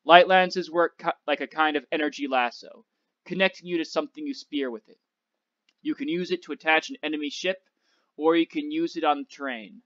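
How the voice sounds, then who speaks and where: A man reading the part of a gruff, sarcastic older flight instructor, in a clipped, commanding way, on a dull, dry recording. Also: a little high, brisk, a bit bright, dry recording, close to an everyday voice. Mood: instructing.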